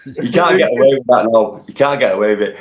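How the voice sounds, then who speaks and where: A man's voice: mid-range voice, lively intonation, quick pace, highs cut off, crowd noise. Joking northern English man. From northern England. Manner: banters with profanity and frequent laughter. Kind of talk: casual live-stream chat.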